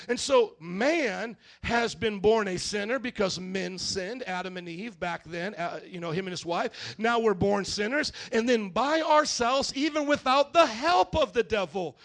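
High-voiced preaching man, call-and-response. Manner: call-and-response, rising to shouts. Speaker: pastor. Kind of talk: sermon.

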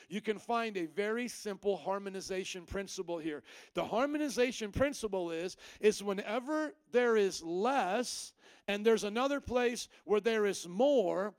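A man with a high, smooth voice preaches a sermon and keeps the congregation involved with call-and-response questions. His speech is clean and close, with almost no room sound. He explains ideas through everyday comparisons. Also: dry recording. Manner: explanatory, uses everyday examples. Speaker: pastor.

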